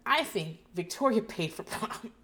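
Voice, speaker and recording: A woman's voice: mid-range voice, animated, measured pace, fairly bright tone. A woman recapping reality TV in casual chat, sardonic and profane, laughing often. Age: adult parent. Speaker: podcast host.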